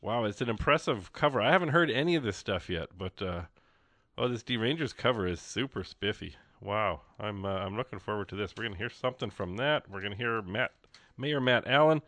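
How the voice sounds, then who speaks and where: A man's voice: lowish voice, lively intonation, a little fast, a bit bright, no echo. A man hosting a radio music show, chatting casually in a rambling, joking way with many fillers and restarts from the studio.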